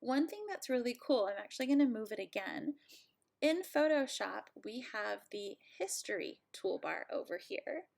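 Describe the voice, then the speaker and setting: A woman instructor at home, giving a friendly, playful software tutorial walkthrough and joking about herself. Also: on the high side, lively intonation, moderate pace, creaky.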